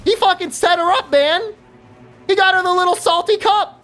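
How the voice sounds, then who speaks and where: A woman streamer chatting casually while gaming, telling an animated story with lots of fillers and free swearing. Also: extremely high pitch, normal speed, soft background music.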